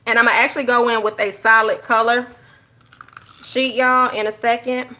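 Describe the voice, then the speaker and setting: A woman telling stories in a casual, animated way while she decorates her journal. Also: fairly high pitch, normal speed. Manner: animated storytelling, addresses viewers as y'all. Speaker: journaling YouTuber.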